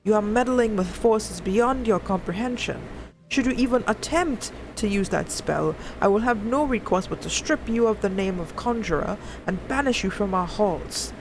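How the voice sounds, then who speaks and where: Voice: medium pitch, moderate pace, creaky, noisy background, natural voice. A streamer voicing a stern male conjurer mentor in grave, formal tones, reading video game dialogue aloud. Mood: angry.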